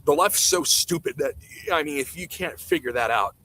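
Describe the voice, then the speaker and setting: A man's voice: on the high side, lively intonation, moderate pace, bright, forceful tone, poor audio. A man ranting bluntly and sarcastically during casual livestream commentary. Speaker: streamer.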